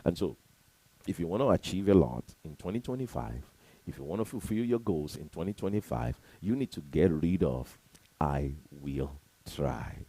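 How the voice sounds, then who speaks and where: A man giving an emphatic, preachy motivational talk to camera, repeating his points and swinging between loud and soft. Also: low-pitched, gravelly, husky, dry recording, rough recording. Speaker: motivational speaker.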